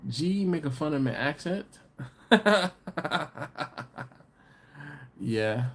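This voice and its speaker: A man with a fairly high, very animated and fairly bright voice hosts a casual livestream. He reads viewer comments aloud and jokes with them, teasing and chatting with quick laughs.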